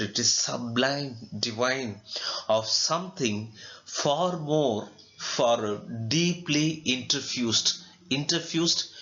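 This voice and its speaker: A male literature teacher with an Indian English accent and a mid-range, somewhat bright voice explains a poem line by line in a slow lecture. He poses questions to himself and adds fillers, and the recording is dull and lo-fi.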